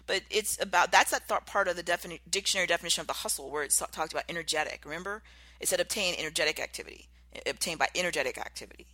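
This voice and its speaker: A podcast host giving an animated motivational talk, acting out contrasting example voices. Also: mid-range voice, very fast, no room sound.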